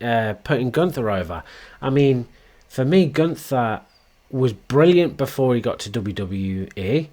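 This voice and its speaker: A man hosting a wrestling commentary show, talking in a blunt, frustrated casual rant with crude slang. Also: medium pitch. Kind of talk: opinionated casual monologue.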